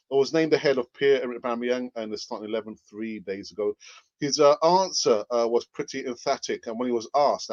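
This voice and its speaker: A man hosting a casual football news show, who laughs often and repeats himself, heard through muffled lo-fi audio. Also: medium pitch. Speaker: fan channel host.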